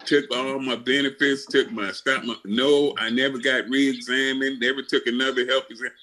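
An older man, a guest on a podcast, tells his story in a casual interview, bluntly and with plenty of swearing, often restarting his sentences. His mid-range voice is bright and forceful, at a normal speed with fairly even intonation.

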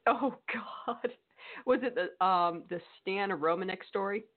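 A woman's voice: medium pitch, unhurried. A woman co-hosting a podcast in casual chat, teasing and laughing often. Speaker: podcast co-host. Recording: tinny phone-like audio.

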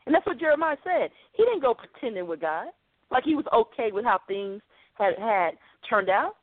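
A woman's voice: a little high, big pitch swings, moderate pace, dry recording. Woman preaching over a phone-like line. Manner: earnest, conversational preaching. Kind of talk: podcast sermon. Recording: dry, phone-like narrow sound.

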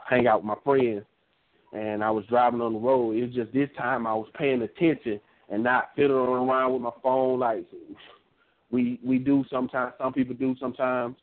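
A man co-hosting a wrestling show, telling a story in a relaxed, casual way with a Southern dialect. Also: mid-range voice, moderate pace. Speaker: podcast co-host. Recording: phone-line audio.

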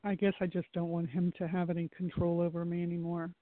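A man on a call-in line who talks softly and hesitantly, pausing to find his words. His voice is a bit high and fairly flat in tone. It sounds thin and phone-like, with no room echo. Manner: soft, hesitant, searching for words. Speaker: caller. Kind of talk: call-in conversation. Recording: dry, tinny phone line.

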